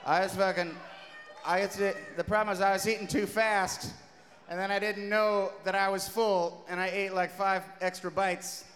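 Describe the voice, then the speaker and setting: A man telling a profane, animated story on stage between songs at a live show, with sudden shouts. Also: sits high, moderate pace, long reverb tail. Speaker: comedy musician on stage. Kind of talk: rambling live stage banter.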